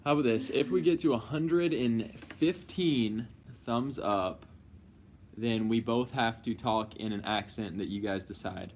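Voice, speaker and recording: Teasing male co-host, mid-pitched, casual; faint background noise. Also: unhurried. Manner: playful, teasing, running the stream. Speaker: co-host of a couple's live Q&A. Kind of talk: casual live-stream chat.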